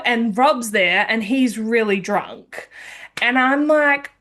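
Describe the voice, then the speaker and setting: A woman hosting a podcast tells a personal story at an unhurried pace. Her voice sits a little high, and she talks in a candid, meandering way. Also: a bit bright. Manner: candid, meandering anecdote-telling. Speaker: podcast host.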